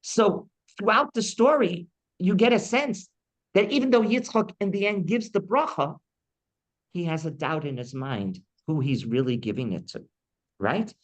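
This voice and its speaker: A man's voice: lively intonation, normal speed, rough recording. A man, a rabbi teaching a weekly Torah class, who asks his listeners many rhetorical questions and acts out the people in the text. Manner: acts out quoted speech with big pitch jumps. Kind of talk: Torah lesson.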